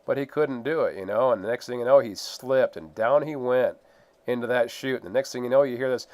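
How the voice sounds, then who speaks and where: A man's voice: mid-range voice, fairly quick, darkish tone, no room sound. A man casually narrating his own gold prospecting photos, rambling with fillers and laughs. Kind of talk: casual storytelling.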